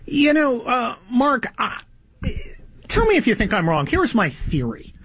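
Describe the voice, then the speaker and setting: A man's voice: extremely high pitch, wildly swooping pitch, measured pace, a bit bright, breathy edge, dry recording. A man in his fifties hosting a political talk conversation, opinionated and sarcastic, stumbling through many fillers. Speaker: host.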